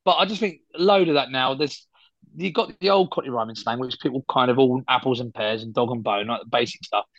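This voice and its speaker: A man's voice: medium pitch, a little fast, a bit bright, no room sound, lo-fi sound. A man from England co-hosting a podcast, teasing and questioning in casual chat. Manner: incredulous teasing. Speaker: podcast co-host.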